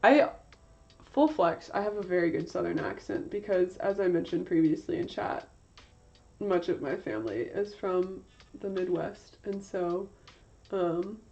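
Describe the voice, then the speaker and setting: A woman's voice: on the low side, normal speed, creaky, dark tone. Young woman rambling on a livestream. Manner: rambling, heavy on fillers, corrects herself mid-sentence. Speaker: art livestreamer. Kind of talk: casual livestream chat while drawing. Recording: slightly dull lo-fi stream audio.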